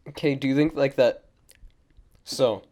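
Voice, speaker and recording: A man of middle pitch chatting on a podcast. He asks rambling, hesitant questions and laughs along the way. His voice is plain and everyday. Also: a little mellow. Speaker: podcast co-host. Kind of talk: casual chat.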